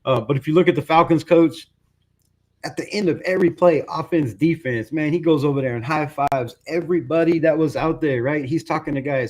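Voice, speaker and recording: Male fan host, casual frustrated rant, slightly high voice. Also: fairly quick, darkish tone. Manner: frustrated, conversational, says "bro" and "right?" a lot.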